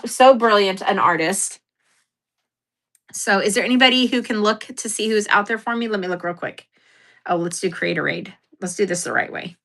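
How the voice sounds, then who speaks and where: A woman's voice: medium pitch, a bit bright. A woman hosting a casual livestream sale, chatting in a rambling, giggly, self-deprecating way with lots of fillers. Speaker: livestream seller host.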